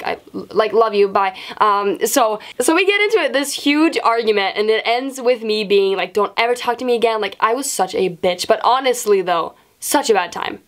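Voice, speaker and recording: A young woman vlogger casually telling a personal story, swearing often and acting out quoted lines in a raised voice. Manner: animated, swears often, acts out quotes in a higher voice.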